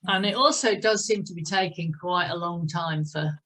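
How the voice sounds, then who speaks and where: This woman coaches an online exercise class, leading indoor cycling over video and mixing time counts with casual chatter. She speaks at a normal speed in a lowish, slightly bright voice, captured on a low-quality recording.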